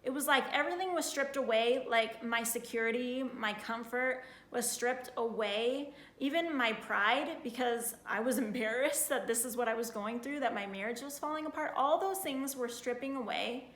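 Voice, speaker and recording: Earnest woman in her 30s, casual testimony, slightly high voice, echoey room. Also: normal speed, hardly any pauses, fairly bright tone. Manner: earnest, heartfelt, frequent "like" fillers. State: getting emotional. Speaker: vlogger sharing her testimony.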